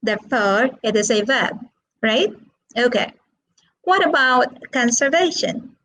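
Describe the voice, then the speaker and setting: Slow-talking woman English teacher. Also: fairly high pitch, animated, a bit bright, low-quality recording. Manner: slow, questioning, drawn-out teaching. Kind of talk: online classroom lesson.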